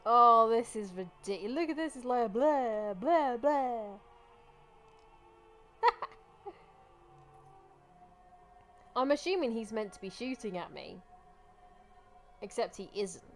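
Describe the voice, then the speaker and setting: A woman's voice: a little high, very animated, measured pace, long pauses, a bit bright, faint music behind. Wry woman streaming a game. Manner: chatty, wry, swears and laughs at the game. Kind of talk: live gameplay commentary.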